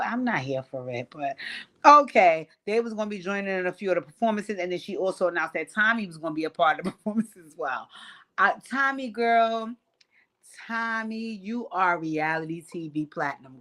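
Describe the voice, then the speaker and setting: A young adult woman hosting a casual commentary vlog, recapping reality TV. She talks in a sassy, blunt, profane way, with big jumps in pitch and volume. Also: fairly bright tone.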